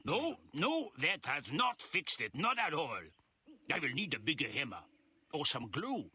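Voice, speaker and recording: A man's voice: a little high, sing-song, unhurried, pushed and bright, slightly rough, exaggerated voice. An actor playing an eccentric one-eyed camp handyman in a game, with a mock German accent and stiff formal phrasing. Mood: fussy.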